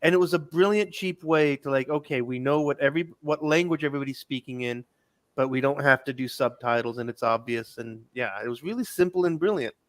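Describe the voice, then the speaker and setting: A man's voice: mid-range voice, a little fast, no echo. A man in casual podcast chat, telling stories animatedly and acting out accents. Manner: animated storyteller, acts out accents.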